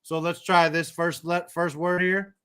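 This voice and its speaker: A man's voice: fairly high pitch, little pitch movement, a bit bright, smooth. A man teaching an Arabic reading lesson one-on-one in a patient, encouraging way. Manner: patient, encouraging, slow and careful.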